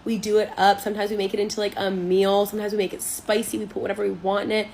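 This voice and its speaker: A woman from Canada talking to camera in a relaxed, chatty way. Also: mid-range voice, rapid-fire, vocal fry, a little hiss or hum. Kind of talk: casual vlog talk to camera.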